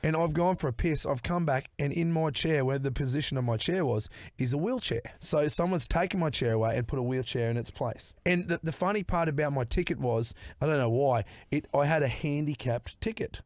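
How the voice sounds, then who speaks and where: A man tells a story on a podcast, full of swearing and animated. His voice sits a little higher than most men's, and the mic sound is close and dry, with no room echo. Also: a little fast, few pauses. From Australia or New Zealand. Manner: swears freely, animated yarn-telling. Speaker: podcast host. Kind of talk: casual storytelling.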